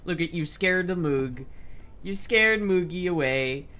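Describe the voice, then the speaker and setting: A young man talks casually on a livestream, answering and reading out chat messages. His voice is bright and sits a little high, and he swears freely as he goes. Faint music plays behind him. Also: a little slow, smooth. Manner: loose, profane, animated, with frequent restarts and laughs. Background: faint background music.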